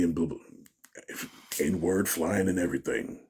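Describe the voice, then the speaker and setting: Deep raspy guy telling a wild story, acts out the quotes. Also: normal speed. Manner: animated storyteller, acts out quotes, laughs often. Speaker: interview guest. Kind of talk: casual storytelling.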